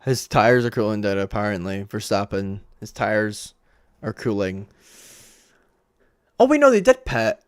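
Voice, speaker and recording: A man's voice: lowish voice, big pitch swings, measured pace, pauses often, clear, resonant tone, dry recording, clean studio sound. A man hosting a livestream, giving casual, rambling race commentary and sounding exasperated. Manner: exasperated, rambling, self-interrupting. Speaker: livestream host.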